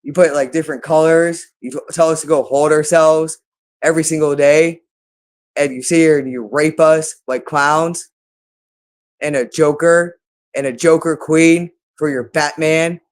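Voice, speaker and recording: Man, somewhat high-pitched voice, agitated rambling monologue, accusatory, repeats phrases over and over. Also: steady tone, unhurried.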